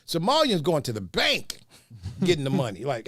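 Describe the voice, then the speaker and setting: A man hosting a podcast, mocking video clips with loud laughter and comic commentary. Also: high-pitched, moderate pace, dry recording, studio quality. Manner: mocking, laughs a lot, animated. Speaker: podcast host. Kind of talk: comedic commentary.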